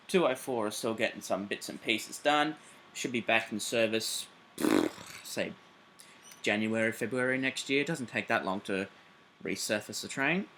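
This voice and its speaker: Excitable Australian guy with a bright voice. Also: fairly low pitch, a little hiss or hum. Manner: excitable, swears freely, chatty with fillers. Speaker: railway channel host. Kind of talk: casual vlog.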